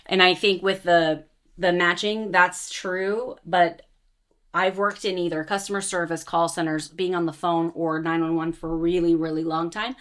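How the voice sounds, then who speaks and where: A woman in casual podcast conversation, speaking calmly and evenly. Her voice sits on the lower side, and she tells stories at a steady pace. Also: moderate pace. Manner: calm, even storytelling with acted-out quotes. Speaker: podcast co-host. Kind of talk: casual chat.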